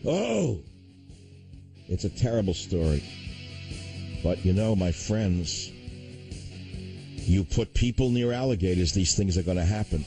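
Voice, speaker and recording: A man's voice: low-pitched, big pitch swings, a little slow, pauses often, mellow, faint music behind. Indignant older male radio host. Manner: indignant, sarcastic, swings between outrage and somber. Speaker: radio talk show host. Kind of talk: talk radio monologue. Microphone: studio microphone.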